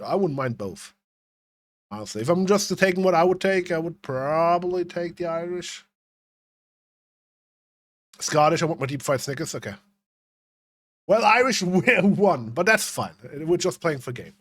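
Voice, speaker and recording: Young male streamer, casual rambling commentary, frequent swearing, slightly high pitch, dry sound. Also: fairly bright tone, no room sound. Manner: swearing, rambling, talking to chat.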